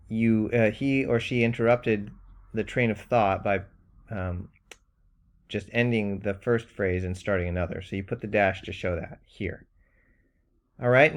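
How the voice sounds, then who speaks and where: Low-voiced man teaching a lesson. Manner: patient, plain, with frequent ums and pauses. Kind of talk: recorded grammar lesson.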